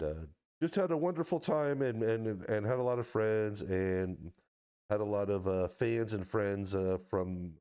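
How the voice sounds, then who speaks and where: Podcast host guy, deep mellow voice, teasing and sarcastic. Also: clean tone. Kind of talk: casual chat.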